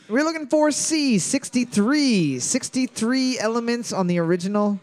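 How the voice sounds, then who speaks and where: Joking trivia host with a high voice. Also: male voice, expressive, measured pace, darkish tone. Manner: joking, reads questions twice, laughs often. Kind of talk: casual bar trivia hosting with banter.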